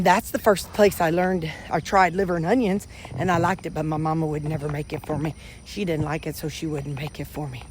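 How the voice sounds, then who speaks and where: A woman's voice: lowish voice, a little mellow, slight background noise. A chatty woman with a drawl, rambling to her viewers in a folksy way as she walks outdoors. She talks straight into her phone, with faint insects and outdoor ambience behind her. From Missouri, USA. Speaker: vlogger. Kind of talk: casual chat to viewers while out walking.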